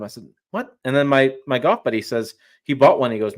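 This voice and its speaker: A man's voice: medium pitch, lively intonation, fairly quick. A man talking trucks as a journalist guest in a casual live-stream chat, emphatic and rambling, often restarting his sentences.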